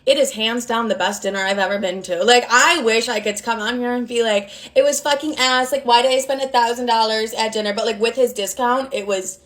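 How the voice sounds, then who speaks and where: A woman's voice: on the high side, fairly quick, hardly any pauses, fairly bright tone. Blunt, foul-mouthed young woman telling stories. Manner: blunt, sarcastic and heavily profane; dramatic, acts out quoted dialogue. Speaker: storytime creator. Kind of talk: casual storytime monologue.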